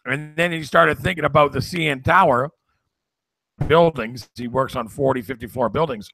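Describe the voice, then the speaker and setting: A man's voice: medium pitch, moderate pace, creaky, bright, forceful tone, a little hiss or hum. A man co-hosting an online talk show, telling stories earnestly and building into preaching. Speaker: co-host. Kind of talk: casual chat, preachy at times.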